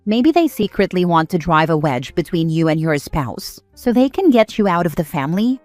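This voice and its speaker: Lively low-voiced woman reading stories. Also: moderate pace, dry recording, faint music behind. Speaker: story narrator. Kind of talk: scripted narration of online posts.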